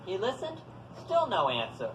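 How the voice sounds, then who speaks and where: Animated male storyteller in an echoey hall. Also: high voice, normal speed. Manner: animated, coaxing the audience to join in. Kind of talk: live folktale telling with audience. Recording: echoey hall, faint background noise.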